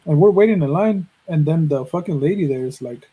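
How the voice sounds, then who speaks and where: A man in his thirties from Mexico tells a personal story in a loose, cursing, animated way, acting out the voices of the people he met. His voice sits fairly high for a man and has a husky grain. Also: normal speed, few pauses, poor audio. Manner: profane, animated, acts out quoted dialogue. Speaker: podcast host. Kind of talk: casual storytelling.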